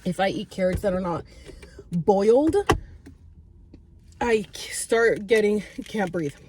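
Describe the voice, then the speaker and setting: A woman chatting to the camera in a casual vlog from a parked car, bubbly and chatty, acting out what others said in a high voice. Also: slow, noisy background. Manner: chatty and bubbly, retells with excited high quotes. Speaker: vlogger. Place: parked car on a road trip.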